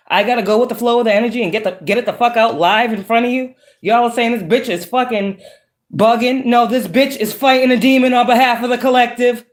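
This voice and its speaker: A woman giving a profane, emphatic, preachy casual monologue as a psychic tarot reader. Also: on the high side. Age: adult with children.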